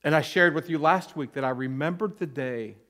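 A man, an interim pastor, giving a personal testimony sermon with candid storytelling, earnest and self-deprecating. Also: a little fast. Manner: earnest, softening low at emotional points.

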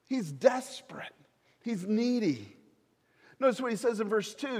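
A man preaching a sermon as a pastor, swinging from loud pleading to hushed storytelling. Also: extremely high pitch, sing-song, unhurried, pauses often, long reverb tail.

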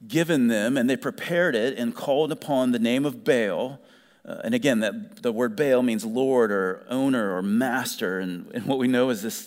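A male pastor delivers a sermon, reading verses aloud and breaking off into animated, conversational asides. His voice sits at an ordinary mid pitch. The sound carries a long reverb, as in a large hall.

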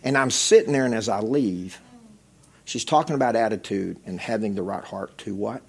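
A man's voice: fairly low pitch, moderate pace, gravelly, slightly rough. A middle-aged man preaching a testimony sermon, telling stories in a conversational way and repeating phrases.

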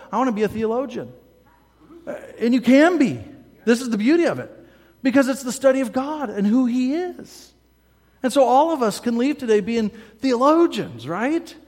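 A man's voice: very high voice, lively intonation, normal speed, darkish tone, long reverb tail. A male pastor preaching a sermon in a church, talking conversationally, often asking "right?" and acting out his listeners' voices.

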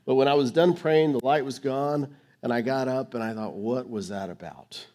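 A male pastor preaching a sermon on stage under lights, sharing his testimony with dramatic swings between hushed and emphatic, rushing then slowing for key phrases. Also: medium pitch. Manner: fast rushed delivery, slowing for key phrases.

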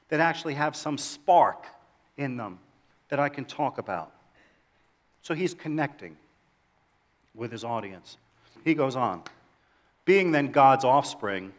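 A middle-aged man preaching a sermon in a church, animated, asking his listeners questions and joking with them. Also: medium pitch. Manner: animated, asks the audience questions, jokes. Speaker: pastor.

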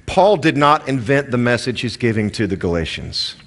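A man's voice: mid-range voice, big pitch swings, moderate pace, a bit bright. A man with a Southern American accent preaching a sermon in a conversational way, with asides and stories. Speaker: pastor.

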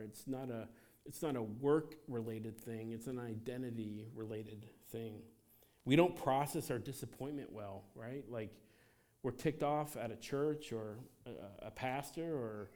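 A man in his thirties preaching a sermon in a church, talking in a casual, conversational way with frequent fillers, restarts and animated asides. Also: medium pitch. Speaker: pastor. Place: church sanctuary.

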